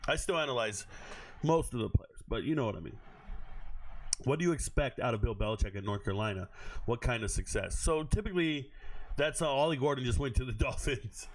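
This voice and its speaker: A man's voice: medium pitch, animated, fairly quick. A man hosting a casual livestream as a sports analyst, blunt and profane, laughing often.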